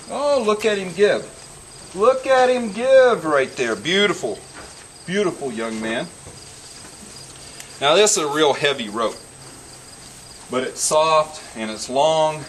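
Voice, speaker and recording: A man working as a horse trainer, explaining each step calmly and soothing the animal with repeated praise as he works in an outdoor pen. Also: a little high, distant mic, poor audio. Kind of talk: instructional commentary while working. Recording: outdoors with loud insect noise.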